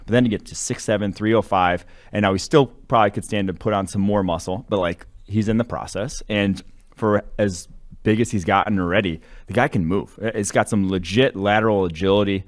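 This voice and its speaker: A man's voice: fairly low pitch, brisk. A man co-hosting a football draft podcast, talking in a rambling, casual way full of fillers and self-corrections. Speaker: draft analyst co-host. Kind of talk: casual sports analysis chat.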